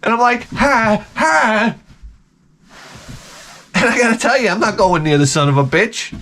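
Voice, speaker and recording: A man's voice: high-pitched, expressive, fast talker, a bit bright, slight background noise. A man hosting a casual monologue, telling stories in a profane, self-mocking way. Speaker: host.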